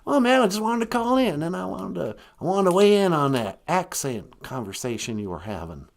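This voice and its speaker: A brash, folksy ex-president calling into a show, as a man puts him on for a comic skit. He leans on a thick, exaggerated drawl and a boastful swagger, pitched up above a plain speaking voice, with a lively voice that swoops up and down. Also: fairly quick, creaky, full character voice. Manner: exaggerated folksy drawl, boastful, calls people 'man' and 'son'. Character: brash male former president, folksy redneck caller.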